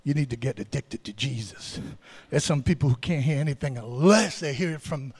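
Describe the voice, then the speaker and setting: A man preaching a sermon, swinging from hushed asides to shouted climaxes and calling out to the congregation. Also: medium pitch, brisk, husky. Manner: calls out to the congregation.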